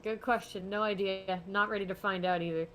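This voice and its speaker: A young woman rambles through a relaxed chat while she draws live on stream. She laughs a lot and drifts between lively talk and soft mumbling to herself, and a faint hiss sits under her voice. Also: medium pitch, brisk. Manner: rambling, chatty, laughs often. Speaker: art streamer. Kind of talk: casual chat while drawing.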